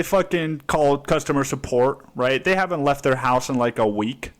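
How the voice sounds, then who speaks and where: A podcast host with a medium-pitched voice talks at a moderate pace with few pauses. He rants casually and rambles, cursing heavily and saying "dude" a lot.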